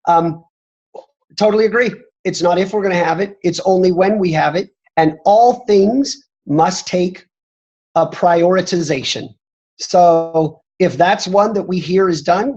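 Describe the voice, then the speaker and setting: A man gives a motivational talk on a training call, leaning hard on his points and repeating them for emphasis. His voice sounds a little husky. The audio is dull and muffled. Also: high voice, normal speed, darkish tone. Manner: emphatic, repeats "I'm telling you". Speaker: company executive answering questions.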